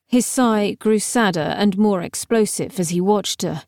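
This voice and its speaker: A woman narrates a novel with wry, even storytelling. Her voice sits in a middle range and is recorded dry and close, with no room sound. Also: mid-range voice, measured pace, few pauses, no echo. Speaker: audiobook narrator. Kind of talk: scripted narration.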